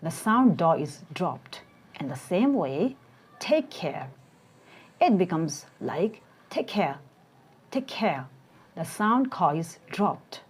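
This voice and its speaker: A woman reading a scripted English lesson, slowing down to model word pronunciations. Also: lowish voice, a little mellow, slightly rough. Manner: slow, deliberate pronunciation drills. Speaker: English teacher.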